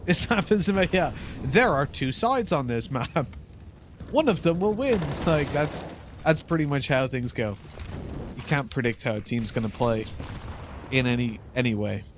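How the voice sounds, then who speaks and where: A man's voice: medium pitch, expressive, normal speed, noisy background. A man doing color commentary as an esports co-caster, rambling through silly analogies.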